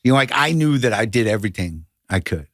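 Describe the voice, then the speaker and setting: Man telling a story, low and dry. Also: quick pace, no room sound. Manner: animated, profane storytelling with stammering restarts. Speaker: guest comedian. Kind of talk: casual chat, storytelling.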